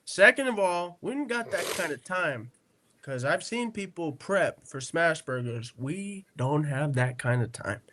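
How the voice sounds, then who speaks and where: A man with a slightly raised voice tells stories on a podcast, animated and conversational. He jumps into the voices of the people he describes and keeps checking in with "right?" and "okay?". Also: on the high side, a little slow. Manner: animated storyteller who acts out quotes; peppers speech with "right?" and "okay?". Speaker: podcast co-host. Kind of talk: casual podcast storytelling.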